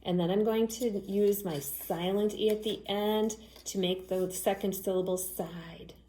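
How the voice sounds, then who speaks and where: A woman teacher giving a phonics lesson to young children, speaking clearly and patiently and spelling words out letter by letter. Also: medium pitch, steady tone, measured pace, dark tone, roomy sound, poor audio.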